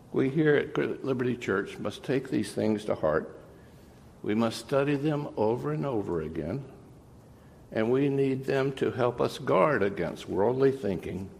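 A man giving an earnest, measured farewell sermon as an interim pastor, with pauses between phrases, recorded in a church sanctuary. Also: medium pitch, creaky. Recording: long reverb of a church sanctuary.

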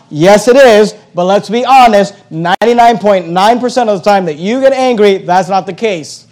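A man preaching a sermon as a pastor, emphatic and repetitive, with rhetorical questions and slow, deliberate scripture reading. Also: high-pitched, a little mellow. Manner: reads scripture slowly and deliberately.

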